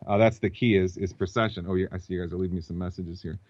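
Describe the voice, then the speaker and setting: Male guest with a low voice on a dry, lo-fi call line, explaining ideas as he thinks them through. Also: fairly even intonation, racing, a little mellow, no echo. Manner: thinks aloud, explaining at length. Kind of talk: explanatory interview talk over a call. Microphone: computer mic.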